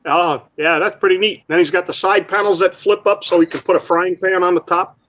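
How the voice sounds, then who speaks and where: A man's voice: sits high, fairly even intonation, a little fast, bright, forceful tone. A man on a group audio chat, joking and rambling about wood stoves. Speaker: panelist. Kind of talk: casual chat.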